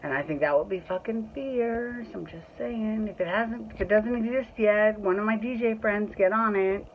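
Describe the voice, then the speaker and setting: A woman's voice: medium pitch, moderate pace, a little hiss or hum. A woman hosting a casual solo recap show, chatty and gushing, with plenty of profanity. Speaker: podcast host. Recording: tinny phone-like audio.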